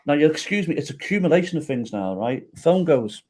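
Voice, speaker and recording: A middle-aged man speaks briskly in a voice on the high side while telling a personal story as a podcast guest. Animated throughout, he performs quoted speech and tags lines with "right?" to check in with the listener.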